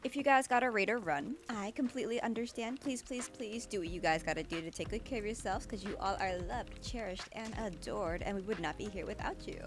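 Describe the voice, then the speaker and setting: A woman's voice: mid-range voice, brisk, few pauses. A woman streamer chatting casually with her chat while she draws, bubbly and a bit chaotic. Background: background music.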